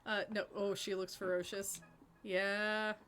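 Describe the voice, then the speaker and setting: Speaking at a slow pace with a medium-pitched voice, a female streamer reads through a story game for her audience. She chats with viewers energetically and breaks into laughter between sections.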